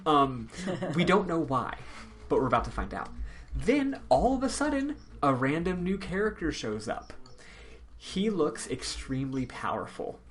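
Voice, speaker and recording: A man hosting a podcast, recapping a game in casual chat, rambling with lots of ums and quick laughs. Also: on the high side, very animated, soft background music. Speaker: podcast host.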